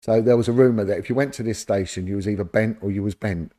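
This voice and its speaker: A man's voice: on the low side, quick pace. A middle-aged man with a London accent, a former detective telling stories in a casual interview and acting out the people in them. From London, England. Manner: animated anecdotes, acting out quoted voices. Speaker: former police detective, podcast guest.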